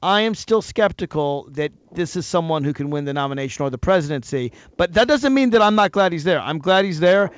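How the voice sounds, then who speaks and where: Male talk radio host, pushy and quick to interrupt, voice a touch high, dull dry studio sound. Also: no echo. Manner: brisk, insistent, interrupts to make his point. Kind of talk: political call-in talk.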